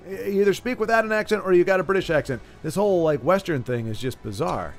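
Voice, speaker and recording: A man's voice: sits high, lively intonation, quick pace, few pauses. A man hosting a game stream in casual, rambling chat with many restarts and repeats. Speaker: streamer host.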